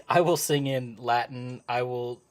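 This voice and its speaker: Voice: medium pitch, fairly even intonation, slow pace. A live-stream host chatting casually with viewers while crafting at home, easily sidetracked and laughing often. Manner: talks to live chat. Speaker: livestream host.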